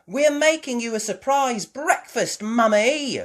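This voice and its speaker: A woman voicing an excited little girl piglet who squeals and exclaims loudly. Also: a little high, a little slow, pitched above the performer's own voice.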